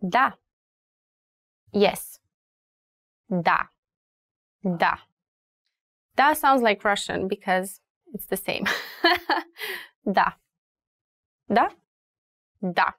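Romanian-accented woman teacher, unhurried and patient, dry close sound, mid-pitched. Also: fairly bright tone, no room sound. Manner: slow and patient, repeating words clearly with fillers. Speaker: language teacher. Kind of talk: beginner language lesson.

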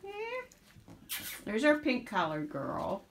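Chatty woman breeder, lively sing-song. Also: medium pitch, slow pace. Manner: chatty, sing-song baby talk to puppies. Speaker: dog breeder. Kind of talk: casual vlog narration. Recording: background noise.

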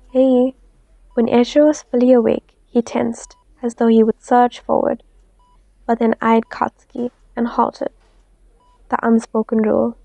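A woman narrating a fanfiction story in a soft, steady storytelling manner. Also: fairly high pitch, creaky, no room sound. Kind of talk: fanfiction reading. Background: faint lofi music.

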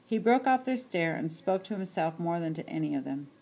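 Low-voiced woman narrating a story. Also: brisk, creaky, few pauses, a little mellow. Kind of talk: audiobook short story reading.

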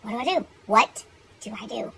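A young woman telling a story in casual, animated chat, swearing freely and getting worked up. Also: fairly high pitch, a little fast, creaky, noisy background. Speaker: beauty vlogger.

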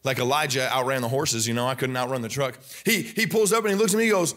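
A young man with a Midwestern accent preaches a sermon in church. His voice sits a little high, and he tells stories with energy, jumping into quoted voices as he goes. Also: normal speed. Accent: Midwestern American. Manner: animated storytelling, acts out quoted voices. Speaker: pastor. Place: church sanctuary.

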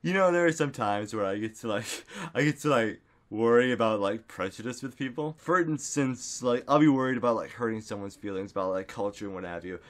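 A man's voice: mid-range voice, fairly quick, hardly any pauses. Goofy rambling man vlogging at a desk mic. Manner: goofy, rambling, lots of "like" fillers, sudden silly shouts. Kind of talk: casual rambling monologue. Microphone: desktop studio microphone.

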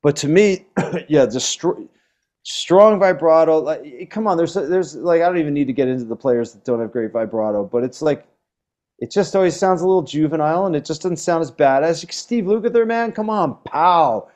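Man, slightly high voice, excitable, rambling, casual chat, many restarts. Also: moderate pace. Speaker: guest musician.

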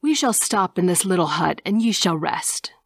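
A woman voicing a dark, courtly male vampire stranger who speaks in soft, measured, archaic phrases in an audiobook. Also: lowish voice, lively intonation, slightly rough, no room sound, clean studio sound. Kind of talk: audiobook character voice.

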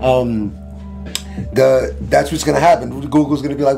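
Young male podcast host, loose rambling joker, mid pitch, guitar music loud behind. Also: steady tone, normal speed, vocal fry. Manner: rambling, joking, trailing into questions. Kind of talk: casual joking chat.

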